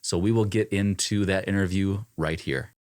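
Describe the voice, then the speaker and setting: A man hosting a podcast, introducing segments in a brisk, announcing manner. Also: deep voice, fairly even intonation, a little mellow. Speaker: podcast host.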